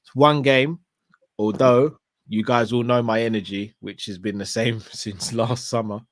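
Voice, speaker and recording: A man hosting a casual live stream, reading out viewer messages in a relaxed, slangy way and giving shout-outs. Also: mid-range voice, unhurried, dry recording, clean studio sound.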